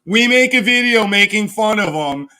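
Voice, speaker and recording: Mocking high-voiced man ranting on a stream. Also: expressive, moderate pace, pushed and bright, clean tone. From Canada. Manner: mocking, profane, laughs at his own jabs. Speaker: live streamer. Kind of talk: casual ranting livestream chat.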